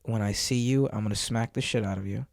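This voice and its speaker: A man voicing an imagined calm man who tells a woman off in a flat monotone, coldly threatening. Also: on the low side, quick pace, creaky, dry recording, clean studio sound. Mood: calm menacing.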